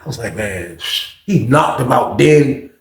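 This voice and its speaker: A man's voice: medium pitch, animated, unhurried, gravelly, reverberant. A man telling a prison story casually and acting out the other people's lines. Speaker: storyteller host.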